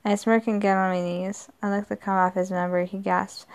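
A woman's voice: mid-range voice, level tone, moderate pace, few pauses, clean tone. A woman narrating a first-person story in a plain reading voice, stumbling and correcting herself often. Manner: plain reading with frequent slips and restarts. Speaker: story reader.

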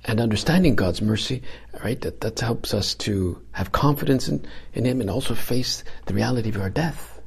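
A man preaching an informal homily in a conversational, halting way, with restarts and frequent dips into a whisper. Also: medium pitch, lively intonation, creaky, husky.

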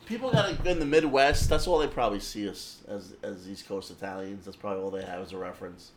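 A man's voice: fairly low pitch, fast talker, slight background noise. A young man co-hosting a podcast, chatting with joking, swearing banter. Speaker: podcast co-host. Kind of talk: casual chat.

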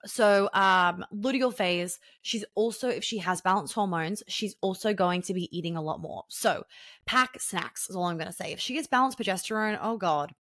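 A woman's voice: mid-range voice, moderate pace, a bit bright, no room sound. Frank, chatty young woman, dry close sound. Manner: chatty and frank, acts out quoted voices. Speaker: podcast guest. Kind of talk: casual podcast talk.

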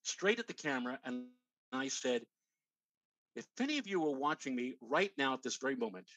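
An older man who hosts a weather show tells a long anecdote in casual conversation, animatedly acting out the voices of the people in it. His mid-range voice runs a little fast, and the audio is poor but has no echo.

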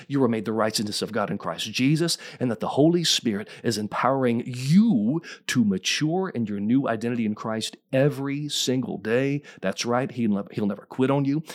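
A man preaching a sermon as pastor, fervent and emphatic, often rising in pitch and throwing questions to the congregation. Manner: fervent preaching, rising to near-shouts, call-and-response questions.

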